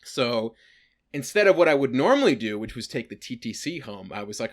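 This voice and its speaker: A man's voice: mid-range voice, big pitch swings, a little fast. A young man on a podcast telling a rambling, casual story, full of fillers and swearing. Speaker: podcast co-host.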